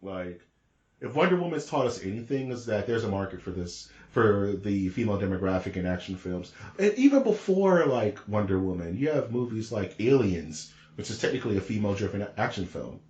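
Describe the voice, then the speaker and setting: A man co-hosting a podcast in casual chat, talking in an excitable, rambling, slangy way. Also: fairly low pitch, fairly quick, roomy sound, lo-fi sound. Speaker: podcast co-host.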